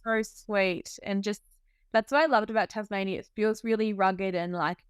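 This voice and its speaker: A young Australian woman, a midwife, chatting easily as a podcast guest, friendly and relaxed, often trailing off softly. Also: medium pitch, moderate pace, smooth, no room sound, studio quality. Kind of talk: casual interview chat.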